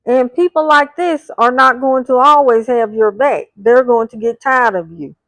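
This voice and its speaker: A woman's voice: fairly high pitch, normal speed, fairly bright tone, no echo. A woman recapping a reality TV episode scene by scene, reading out what the cast said and adding blunt asides. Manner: retells scenes, reading out the cast's lines.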